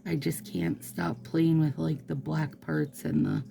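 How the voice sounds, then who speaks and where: A woman chatting casually as she does her nails, gushing and trailing into soft murmurs, with faint music behind. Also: low-pitched, flat delivery, measured pace, gravelly. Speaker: nail product vlogger. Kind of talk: casual chat while doing nails.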